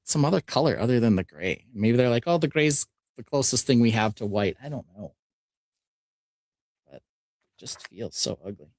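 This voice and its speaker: A man's voice: mid-range voice, animated, normal speed, long pauses, a little mellow, no echo. A man hosting a casual live stream, explaining each step as he builds. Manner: easygoing, explains steps as he builds. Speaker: host.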